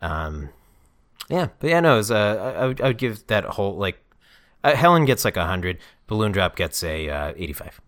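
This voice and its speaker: A man's voice: lowish voice, very animated, normal speed, fairly bright tone. A young man co-hosting a podcast, chatting casually in a playful, teasing way and laughing often. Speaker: podcast co-host. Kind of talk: casual chat.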